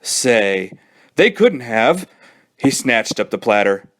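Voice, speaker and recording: Expressive male storybook reader. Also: mid-range voice, slow. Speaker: children's librarian. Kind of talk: storybook read-aloud.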